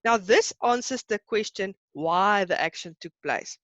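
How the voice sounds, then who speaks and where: A woman's voice: mid-range voice, lively intonation, unhurried, a bit bright, no room sound, highs cut off. A woman teaching an online lesson, patient and encouraging, who laughs easily.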